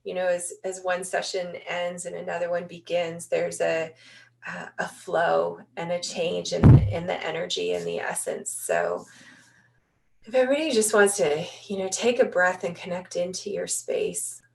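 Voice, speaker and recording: A woman hosts a spiritual online session in a gentle, meandering, meditative way. Her voice sits low with a gravelly fry. It is heard over a video call from home. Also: fairly even intonation, moderate pace. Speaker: session host.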